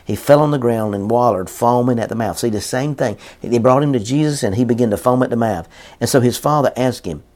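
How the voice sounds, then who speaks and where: A man's voice: medium pitch, a little fast, darkish tone. A man preaching a sermon in an earnest, repetitive style, reading scripture aloud and driving his points home.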